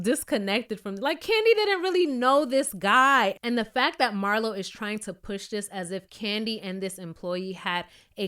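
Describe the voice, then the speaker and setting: A woman giving a sassy, blunt, casual recap of a reality show, with animated asides. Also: on the high side, clean tone.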